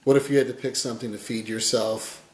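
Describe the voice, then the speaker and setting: A man giving a casual fly tying tutorial, rambling and folksy, his voice often dropping quiet as he works. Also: medium pitch, steady tone, fast, echoey room, a little hiss or hum.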